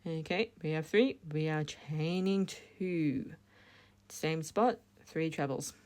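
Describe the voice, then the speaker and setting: Woman, low-ish voice, unhurried, chatty and self-correcting. Crochet tutorial host. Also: darkish tone. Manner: chatty, self-correcting, laughs at her slips. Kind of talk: casual step-by-step demonstration.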